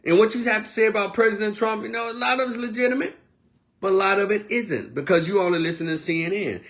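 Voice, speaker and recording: A man delivering a blunt, profane monologue as an online commentator, swinging between loud outbursts and low, quieter stretches. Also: quick pace. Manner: blunt, profane, animated rant. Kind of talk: casual ranting monologue.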